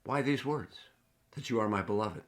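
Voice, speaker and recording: A middle-aged man preaching a sermon, earnest and storytelling, with lively emphasis. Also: lowish voice, normal speed. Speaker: pastor.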